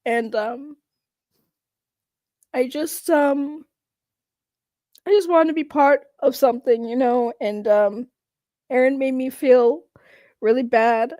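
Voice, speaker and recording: A woman's voice: sits high, mellow, no room sound, voice pushed up. A woman acting as a tearful young former coffee girl who stops often and chokes up. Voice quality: halting and choked up, with many pauses. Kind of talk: mock testimony acting.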